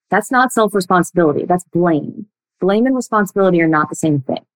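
Young adult woman, coach talking to camera, slightly low voice, blunt and emphatic, uneven pace. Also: low-quality recording. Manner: blunt, emphatic, speeds up and slows down a lot. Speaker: relationship coach. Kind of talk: direct-to-listener coaching talk.

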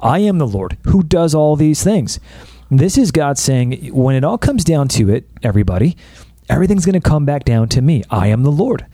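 An American man with a mellow, warm tone and a mid-range pitch makes emphatic points about scripture. His delivery is animated, with lively joking asides. The sound is dry and close. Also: normal speed, no room sound. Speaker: podcast co-host. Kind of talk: casual Bible discussion.

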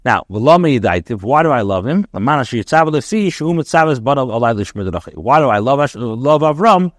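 A man's voice: mid-range voice, expressive, fairly quick, no echo, clean studio sound. A man teaching a daily Torah class, reading short phrases of text and then translating and explaining them in plain English, with fillers and restarts.

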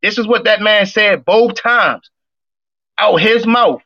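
A man on a live talk room line who argues hard and rambles in slang. His voice is high and bright. It comes over a dull, lo-fi connection. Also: takes it slowly. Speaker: caller. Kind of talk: heated casual argument.

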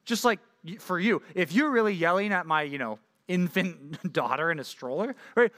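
A young man preaching a youth sermon, energetic and jokey, often checking in with "right?". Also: fairly high pitch, moderate pace. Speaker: youth pastor.

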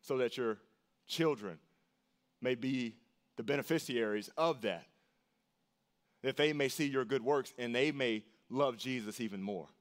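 Earnest preaching pastor, emphatic repeats. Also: male voice, measured pace, long pauses. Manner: earnest preaching, repeats phrases for emphasis, pitch leaps on key lines. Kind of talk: sermon.

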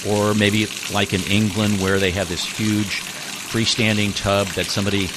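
A man's voice: fairly low pitch, flat delivery, normal speed, noisy background. A man from the United States co-hosting a travel podcast, chatting casually and setting up topics for his partner. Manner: conversational, sets up topics with questions.

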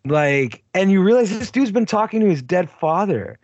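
A man's voice: high voice, big pitch swings, moderate pace, darkish tone, no echo, highs cut off. A man co-hosting a casual movie podcast, talking bluntly with lots of swearing and "like.". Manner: blunt, profane, heavy use of "like". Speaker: podcast co-host.

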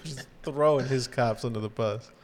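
A male podcast co-host casually recaps a TV episode, retelling it in an animated way and acting out the characters' lines. His voice is mid-range and he talks at normal speed.

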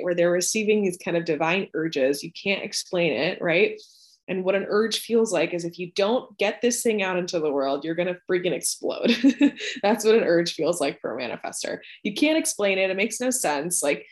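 A young adult woman explaining a personal belief system in casual, chatty talk, often checking in with "right?" and filling her sentences with "like". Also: lowish voice. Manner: chatty, frequent "like" and "right?", animated emphasis. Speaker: podcast guest explaining Human Design.

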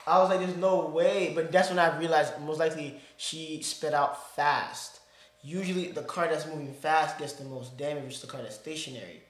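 On a podcast, a man with a voice on the high side tells a rambling story at normal speed. His chat is animated and full of slang like "bro," and the audio is reverberant.

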